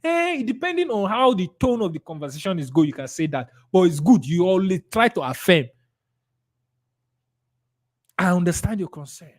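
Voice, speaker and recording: This man speaks high and fairly quickly in a Nigerian accent while hosting a live sales training session. He energetically voices viewers' chat responses and role-plays client conversations.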